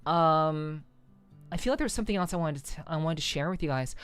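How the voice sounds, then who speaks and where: Low-voiced woman streamer chatting loosely. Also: fairly quick, clear, resonant tone, no room sound, faint music behind. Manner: rambling, lots of fillers and restarts, swears casually. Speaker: VTuber streamer. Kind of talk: casual stream chat reading comments.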